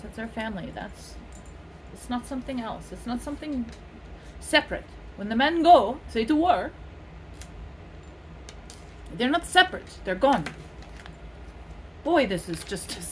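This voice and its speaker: A woman's voice: a little high, slight background noise. A middle-aged woman from California giving a casual tarot reading, playful and rambling with frequent laughs. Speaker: tarot reader.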